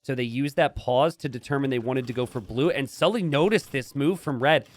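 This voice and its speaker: A man casting a strategy game, chatty and jokey, bursting into excited shouts and laughter. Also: medium pitch, brisk. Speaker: game caster. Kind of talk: live strategy game commentary.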